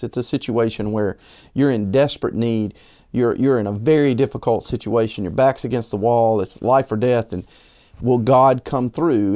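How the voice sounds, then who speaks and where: A pastor preaching a conversational sermon, often restarting his phrases and asking rhetorical questions, slowing down and lifting his voice to drive key points home. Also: mellow. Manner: slows and rises in pitch for emphasis.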